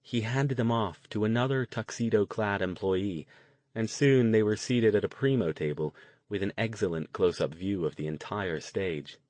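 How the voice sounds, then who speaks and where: In scripted audiobook narration, a man reads from a novel with steady, even pacing. His voice sits on the low side, and the recording carries no room sound.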